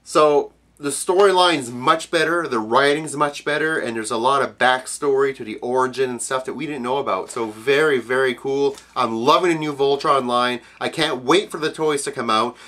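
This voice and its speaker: A man from Canada's Maritimes ranting profanely in a casual vlog, jumping between loud outbursts and low mutters. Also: normal speed, few pauses. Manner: profane, animated ranting with sudden pitch jumps. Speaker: video blogger.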